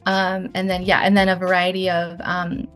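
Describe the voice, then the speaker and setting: A woman's voice: fairly low pitch, monotone, moderate pace, a bit bright, faint music behind. A young woman answering interview questions in a chatty, rambling way, correcting herself as she goes. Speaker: guest, calligraphy business owner. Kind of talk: casual interview.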